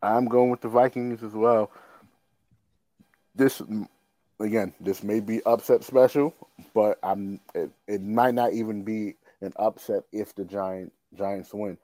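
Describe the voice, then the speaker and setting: Low warm guy chatting football picks, laid back, dry close sound. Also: measured pace, dry recording. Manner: relaxed, chuckling, filler-heavy. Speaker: podcast co-host. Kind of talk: casual sports chat.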